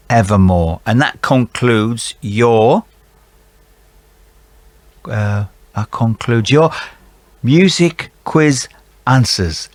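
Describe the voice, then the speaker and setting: A man reads out quiz answers at an unhurried pace, slipping in jokey, chatty asides. He sounds close and dry, with no room echo. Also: fairly low pitch, a little mellow. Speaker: quiz host for a care provider.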